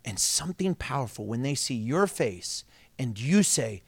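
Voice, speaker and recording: A male pastor delivering a sermon, telling stories with laughter and dropping to a hush for emphasis. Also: medium pitch, a little slow, creaky, slightly rough, no echo. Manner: animated storytelling with laughs and sudden drops to a hush.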